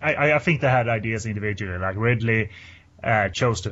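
A man's voice: lowish voice, brisk, fairly bright tone, lo-fi sound. A man chatting casually as a podcast co-host about a film, rambling with many fillers and restarts. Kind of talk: casual chat.

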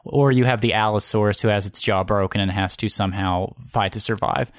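A man's voice: on the low side, steady tone, brisk, dry recording. Dry-sounding joking male podcast host. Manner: joking, self-deprecating. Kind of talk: casual chat.

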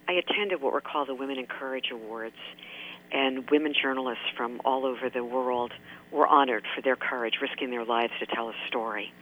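Man, mid-pitched, thoughtful talk radio commentator who keeps asking what-if questions; heard over a tinny phone line. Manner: musing, asks many rhetorical questions. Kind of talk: reflective talk radio monologue.

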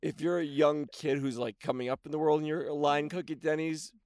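A man co-hosting a podcast, deadpan and provocative in crude casual banter. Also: a little high, fairly quick, clear, resonant tone, dry recording, clean studio sound. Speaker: podcast co-host.

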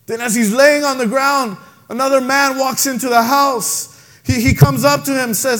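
High-voiced preaching man, animated. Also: normal speed. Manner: animated preaching, acts out voices in his story. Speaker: pastor. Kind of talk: sermon with storytelling.

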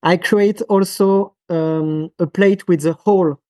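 A man from France with a French accent, a physiotherapist guest on a podcast interview, speaking haltingly with many fillers and restarts. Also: sits high, steady tone, warm tone, no room sound.

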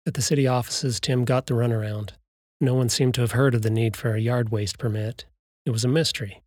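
A man narrating a story in a steady, even storytelling voice. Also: medium pitch, brisk, dry recording, studio quality. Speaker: audiobook narrator. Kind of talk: scripted narration.

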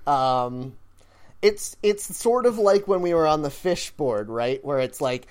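A person chatting casually on a podcast, relaxed and chatty, often laughing. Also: mid-range voice, a little slow. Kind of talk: casual chat.

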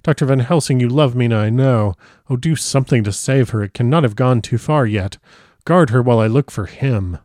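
A man's voice: medium pitch, a little fast, a little mellow, no room sound, clean studio sound, natural voice. A man voicing a frantic young husband who cries out and pleads with urgent alarm.

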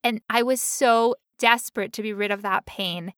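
A woman's voice: on the high side, moderate pace, fairly bright tone, smooth, no echo, clean studio sound. A young woman co-hosting a podcast, talking candidly and emotionally, with frequent laughs. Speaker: podcast co-host. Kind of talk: personal, emotional podcast talk.

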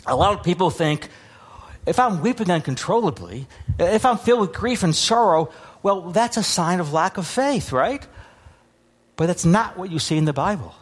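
Animated male preacher with lively pitch. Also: moderate pace, breathy edge. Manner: animated teaching with many restarts. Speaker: pastor. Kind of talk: sermon. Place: congregation hall with overhead projector.

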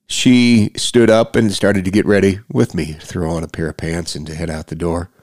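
A middle-aged man with a deep, low voice talks straight into a close microphone for his own podcast. His delivery is earnest and halting, often stopping to restart a phrase. The sound is dry, with no room around it. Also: level tone, darkish tone, no room sound. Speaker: podcast host. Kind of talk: personal podcast monologue.

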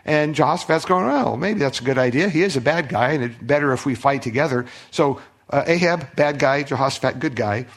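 A middle-aged male pastor preaching a sermon, telling a story with conversational restarts, swinging from loud outbursts to hushed asides. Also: mid-range voice, animated, a little fast. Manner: conversational, repeats words and restarts.

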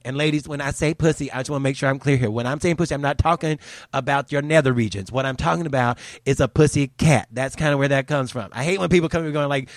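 A man rants through a news story, heated and swearing freely. His voice sits at a middle pitch, and the sound is dry, with no room echo. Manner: heated and profane, swearing often. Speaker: commentator. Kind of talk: profane ranting news commentary.

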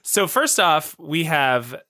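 Animated bright-voiced podcast co-host. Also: male voice, a little high, slow pace, dry recording, studio quality. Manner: laughing, joking, acts out comic characters' lines. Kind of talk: casual chat.

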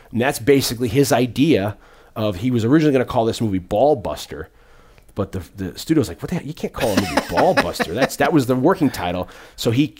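A man talks through a film in loose, casual podcast chat. His voice sits fairly low, and he rambles animatedly, stacking fillers and restarts as he goes. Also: darkish tone.

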